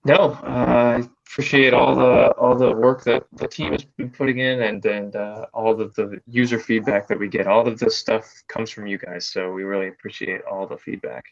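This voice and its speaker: A man from a product team casually explaining upcoming software features in an easygoing way that trails off quietly. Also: on the low side, flat delivery, normal speed, vocal fry, hardly any pauses, muffled recording.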